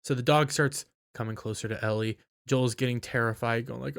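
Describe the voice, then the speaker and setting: A tired man giving a casual, rambling spoken recap of a TV episode, with halting restarts. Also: mid-range voice, fairly even intonation, gravelly, a bit bright, smooth. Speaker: video reviewer.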